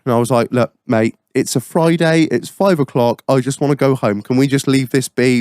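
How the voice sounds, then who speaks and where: Man, podcast host, animated sweary storytelling, dry close sound. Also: medium pitch, normal speed, few pauses, dry recording. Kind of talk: casual chat, storytelling.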